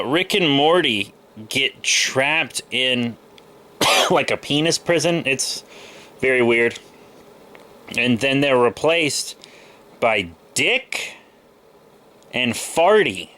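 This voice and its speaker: Casual male vlogger in his twenties, bright and sharp-toned, under the weather, loose and rambling. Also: mid-range voice, animated, slow, pauses often. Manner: rambling, loose, with many fillers. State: a little sick with a cold. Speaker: comic book vlogger. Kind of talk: casual haul video chat.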